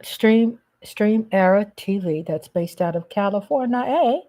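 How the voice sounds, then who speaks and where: Slow, chatty woman livestream host. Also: mid-range voice, lively intonation, mellow. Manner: slow, chatty, sings snippets and calls viewers baby and darling. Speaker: livestream host reading chat. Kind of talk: casual livestream chat.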